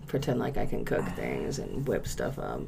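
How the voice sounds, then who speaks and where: A woman's voice: rumbling low, normal speed, gravelly, over music. A young woman co-hosting a podcast, chatting casually and swearing freely as she tells stories. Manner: animated storytelling, swears freely, laughs often. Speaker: podcast co-host.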